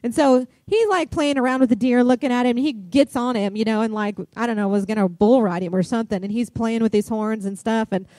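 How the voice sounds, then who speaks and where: A middle-aged woman pastor, preaching a sermon and telling a chatty, animated story full of fillers. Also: fairly high pitch, a little fast, hardly any pauses, no room sound.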